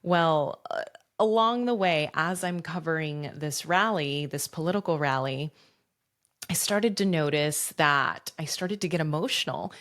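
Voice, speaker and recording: Low-voiced woman podcast host, reflective. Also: measured pace, fairly bright tone. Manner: reflective, earnest, rhetorical questions. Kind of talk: personal storytelling monologue.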